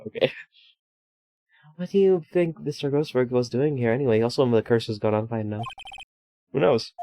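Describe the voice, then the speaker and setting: A man's voice: mid-range voice, moderate pace, warm tone, dry recording. Laid-back male game streamer. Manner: laid-back, joking, says "dude" a lot. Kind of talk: casual let's-play commentary.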